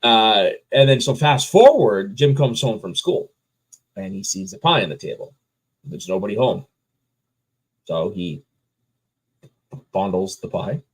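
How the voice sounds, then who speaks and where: Lively husky man reviewing a movie. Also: mid-range voice, moderate pace, rough recording. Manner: lively, trivia-sharing, laughs often. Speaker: podcast co-host. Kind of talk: casual movie review chat.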